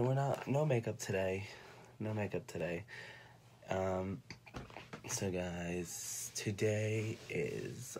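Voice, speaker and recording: A young man from North Carolina telling a personal story on a livestream, speaking in a soft, halting way and fighting back tears. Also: low voice, gravelly, a little hiss or hum. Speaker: vlogger. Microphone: phone or webcam.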